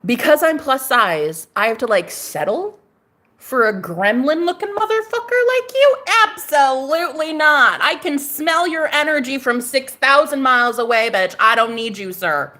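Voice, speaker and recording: A woman vlogger ranting to camera in a sassy, profane style, mocking her critics and breaking into laughter. Her voice is bright and fairly high, and her pitch swings widely as she talks. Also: animated, moderate pace.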